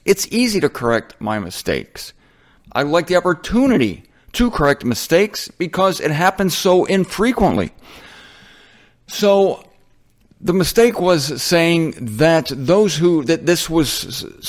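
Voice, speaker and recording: A man giving an informal, chatty Bible teaching to listeners he calls folks, correcting himself with a wry, self-mocking humor. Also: fairly high pitch.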